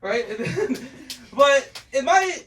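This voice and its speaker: A man's voice: very high-pitched, big pitch swings, drawn-out words, a bit bright, recorded from a distance, slight background noise, poor audio. A man from the United States performing a stand-up comedy set on a club stage, telling loose, laughing stories with mocking put-on quotes.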